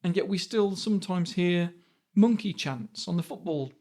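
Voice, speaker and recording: A man's voice: high-pitched, expressive, normal speed, a little mellow. A man in his fifties, hosting a podcast monologue in a conversational way with many rhetorical questions. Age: 50s. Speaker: podcast host.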